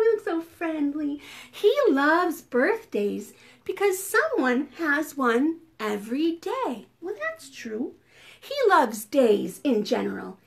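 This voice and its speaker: A young woman librarian reading a picture book aloud at preschool storytime, talking to the children with gasps, whispers and sudden bursts of excitement. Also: high-pitched, creaky. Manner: animated, gasping and whispering to draw children in.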